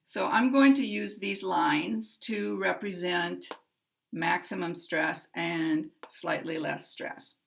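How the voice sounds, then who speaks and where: A woman teaching American English pronunciation, speaking slowly and carefully and modeling example sentences. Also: fairly low pitch, vocal fry, fairly bright tone. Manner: very slow and careful, drawing out key words. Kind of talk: slow, deliberate teaching with spoken examples.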